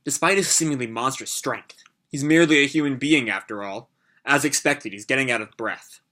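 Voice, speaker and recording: A man voicing a cold, scornful young woman villain as he reads manga lines aloud in a low, dismissive way. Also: a little fast, pushed and bright, close to an everyday voice. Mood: scheming. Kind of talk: reading manga dialogue aloud.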